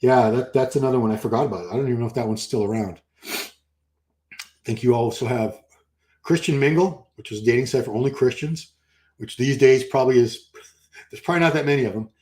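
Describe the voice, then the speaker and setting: A man's voice: mid-range voice, fast talker, pauses often, darkish tone. An older man, chatting casually on a live stream and answering comments, rambling and correcting himself as he goes.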